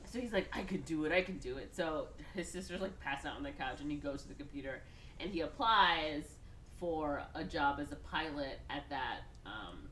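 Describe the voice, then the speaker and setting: A woman's voice: deep voice, expressive, normal speed, fairly bright tone, reverberant, slight background noise. A woman hosting a podcast, casually retelling a movie plot in a chatty way, filling her talk with "like". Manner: chatty, heavy use of "like", breaks into exaggerated voices for characters. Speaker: podcast host.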